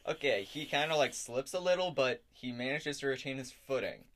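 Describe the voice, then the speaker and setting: A man's voice: mid-range voice, expressive, brisk, a bit bright. A man narrating as game master in a tabletop game, talking casually and hesitantly with lots of fillers. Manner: hesitant, many fillers and likes.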